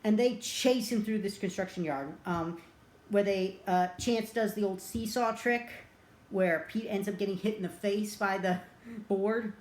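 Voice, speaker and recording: A woman's voice: medium pitch, measured pace, a little mellow. A woman casually retelling a movie plot as a reviewer, rambling and chatty with plenty of filler words. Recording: roomy echo.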